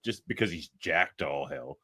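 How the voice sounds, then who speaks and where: A deep-voiced man chatting enthusiastically about a comic on a podcast, laughing as he goes. His pitch swings widely, and the recording is dry and close. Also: animated, normal speed, bright, forceful tone, slightly rough, no room sound. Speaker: podcast host. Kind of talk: casual chat recapping a comic.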